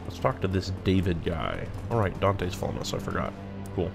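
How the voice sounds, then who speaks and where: Man, low voice, casual let's play commentary, thinking out loud, faint music behind. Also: big pitch swings, normal speed, creaky. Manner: thinks aloud, reads game text aloud.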